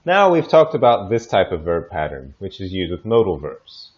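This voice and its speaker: Male teacher, low-ish voice with lots of pitch movement, unhurried, repeats sample phrases deliberately; slightly muffled lo-fi sound. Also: big pitch swings. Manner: slow, deliberate modeling of example phrases. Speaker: English teacher. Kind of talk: pronunciation lesson. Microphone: desk microphone recorded in audio software.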